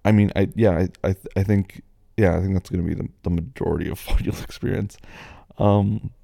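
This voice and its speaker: American man, deep gravelly fry, rambling casual chat, dry close sound. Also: steady tone, brisk, dark tone, dry recording. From United States. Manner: rambling, with many fillers and restarts. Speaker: host answering listener questions.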